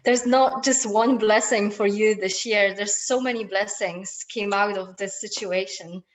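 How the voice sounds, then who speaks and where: A woman hosting a podcast who responds to her guest warmly and encouragingly in casual interview chat. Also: mid-range voice, fairly even intonation, unhurried, rough recording. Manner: warm, affirming listener. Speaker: podcast host.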